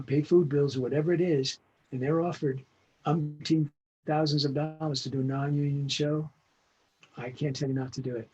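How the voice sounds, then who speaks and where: Husky older man, lo-fi call. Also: on the high side, mellow. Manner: emphatic, blunt advice-giving. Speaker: veteran voice actor guest. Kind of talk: interview over video call. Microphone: video call. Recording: lo-fi video call audio.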